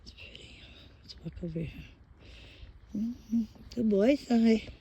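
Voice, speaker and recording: A woman filming a casual vlog on a handheld phone as she walks through a forest, speaking softly and often slipping into a whisper. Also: a little high, slow pace, gravelly, slightly rough, dull audio. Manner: soft-spoken, often whispering. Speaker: vlogger. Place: outdoors in a forest.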